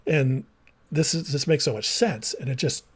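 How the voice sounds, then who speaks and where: A man's voice: medium pitch, moderate pace, husky. Candid rambling man telling his story. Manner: rambling and candid, acting out remembered dialogue; heavy use of "like" and restarts. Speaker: former minister and counselor. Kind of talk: personal storytelling monologue to viewers.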